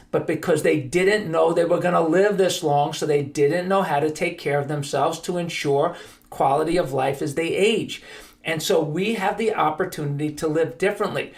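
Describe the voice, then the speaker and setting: A man's voice: fairly high pitch, creaky. A man hosting a podcast, telling stories in an earnest, emphatic monologue. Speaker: podcast host.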